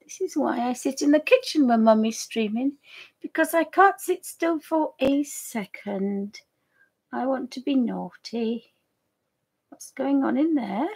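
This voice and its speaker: Woman playing a restless, cheeky young puppy, high and husky; pet voice in a livestream. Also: measured pace, a little mellow, exaggerated voice. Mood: naughty. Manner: cheeky, boyish first-person voicing. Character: mischievous young male puppy, restless and naughty.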